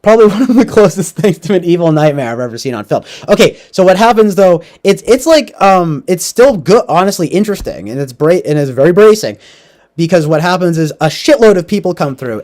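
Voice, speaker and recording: A young man casually recapping a movie, rambling with lots of fillers. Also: on the high side. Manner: rambling, filler-heavy, animated. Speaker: podcast host.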